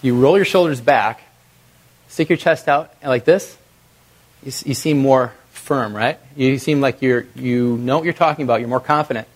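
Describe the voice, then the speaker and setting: A middle-aged man leads a live workshop and coaches the room with direct, energetic delivery. His voice sits at an ordinary pitch. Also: moderate pace. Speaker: video presentation trainer. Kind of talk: live workshop talk to an audience.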